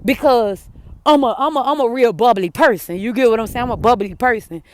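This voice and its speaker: A woman telling a personal story to her viewers, blunt and cursing, swinging between heated outbursts and hushed apologies. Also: fairly high pitch, fairly quick. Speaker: vlogger. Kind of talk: emotional personal storytelling to camera.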